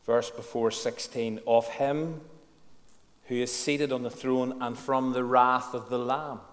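A man delivers a sermon in a church hall, where his voice trails off in a long echo. His pitch sits in the middle for a man. He talks with earnest frankness, poses questions to his listeners and stresses the words that matter. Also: flat delivery. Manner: earnest, frank, asks the congregation questions and pauses on key words. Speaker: preacher.

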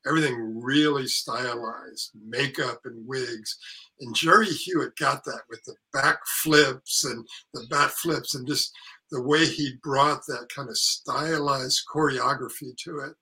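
An older man with a very bright, forceful voice spins casual stories about his acting days. He acts out everyone's lines and swears freely. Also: mid-range voice, a little slow, rough recording. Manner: animated anecdote telling, acting out quotes, swearing. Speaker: actor and author guest. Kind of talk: casual storytelling interview.

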